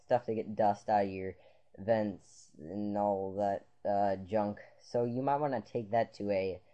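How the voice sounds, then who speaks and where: A man with a lowish, mellow voice rambles through a casual on-screen computer tutorial. He talks into a computer mic, circles back and restarts often, and packs his sentences with fillers. The recording sounds dull and lo-fi. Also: fairly even intonation, measured pace, smooth. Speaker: tutorial maker.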